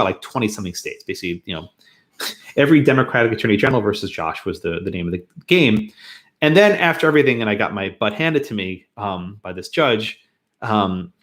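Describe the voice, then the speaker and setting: Animated storytelling male law professor. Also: on the low side. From New York. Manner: animated storyteller, chuckles often, self-interrupts. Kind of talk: lecture with a personal anecdote. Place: classroom.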